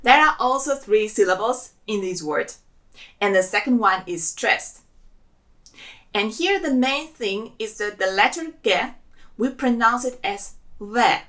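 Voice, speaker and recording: A woman from Russia with a Russian accent, teaching an online language lesson and sounding words out slowly, syllable by syllable. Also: mid-range voice, animated, fairly bright tone. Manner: slow, careful syllable-by-syllable pronunciation drills.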